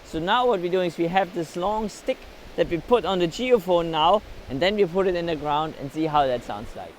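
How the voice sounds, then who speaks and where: Beside a river shore with lapping waves, a vlogger tests his recording gear outdoors, explaining each step as he goes. His voice is on the high side and animated, at a normal speed, with slight background noise in this casual field-recording vlog.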